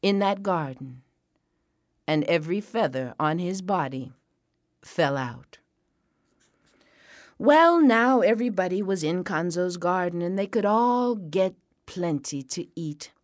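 A woman's voice: on the low side, expressive, takes it slowly, pauses often, dry recording, studio quality. A woman telling a folk tale to families in a playful way, repeating words for rhythm and acting out sounds. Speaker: storyteller.

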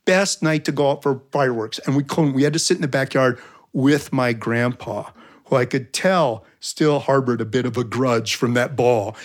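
A man's voice: medium pitch, normal speed. A man telling folksy, reflective stories to an audience with comic timing. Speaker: storyteller and guest. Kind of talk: storytelling for an audience.

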